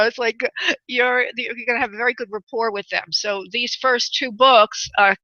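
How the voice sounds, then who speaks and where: A woman from New York with a New York accent, hosting a live call-in radio show as a psychic medium, chatty and pausing to consult spirit. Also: mid-range voice, vocal fry, sharp tone, no room sound, dull audio. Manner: chatty, pauses to consult spirit, laughs easily.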